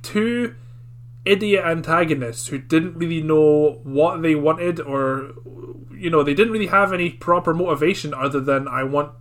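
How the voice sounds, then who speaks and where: A man's voice: fairly high pitch, fairly bright tone. A man co-hosting a casual podcast chat, joking, swearing and laughing often. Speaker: podcast co-host.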